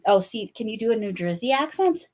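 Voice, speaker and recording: A woman's voice: fairly high pitch, sing-song, brisk, a little mellow. A woman in her fifties hosting a crochet channel, chatting casually with viewers by name while she crafts, often correcting herself.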